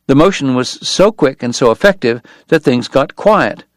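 Here a man narrates a western novel from a script, keeping his storytelling steady and measured. The medium-pitched voice is recorded with no trace of room sound.

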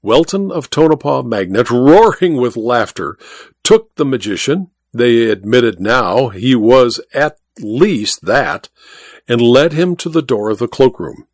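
In clean studio audio with no echo, a man narrates an audiobook story from a script. His mid-range voice is measured and expressive.

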